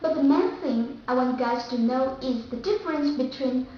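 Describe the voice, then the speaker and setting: Vietnamese-accented female teacher, high voice, careful drills, far off in a muffled, echoing room. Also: slight background noise. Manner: careful, repeats example words slowly. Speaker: English pronunciation teacher. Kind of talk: pronunciation lesson. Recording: echoey, distant, dull mic.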